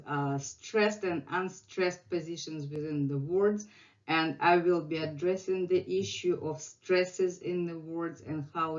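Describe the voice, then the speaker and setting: A woman with a Russian accent, a native Russian speaker, teaching the alphabet in English and repeating each sound several times with patient explanations. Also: on the low side. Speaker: language teacher. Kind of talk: video language lesson. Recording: dull lo-fi recording.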